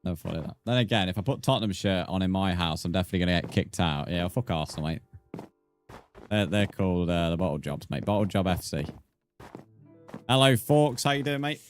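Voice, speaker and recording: A British man with a low voice chats easily with his viewers while he plays a game live. He banters and thanks new followers between tasks. Soft music plays faintly behind him. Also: lively intonation, fairly quick. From Britain. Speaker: streamer. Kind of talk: casual live-stream chat while gaming.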